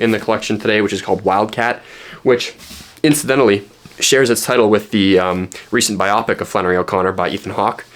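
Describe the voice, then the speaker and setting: A man's voice: on the low side, a bit bright. A young man from Canada casually talking through his books in a vlog, rambling with lots of ums and restarts. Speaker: book vlogger. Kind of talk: casual spoken book vlog. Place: at home in fading daylight.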